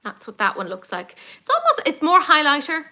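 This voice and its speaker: An Irish woman with a somewhat high voice chatting casually through a live makeup stream at home. She wanders into rambling, self-deprecating asides. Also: wildly swooping pitch, brisk, sharp tone. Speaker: beauty YouTuber host.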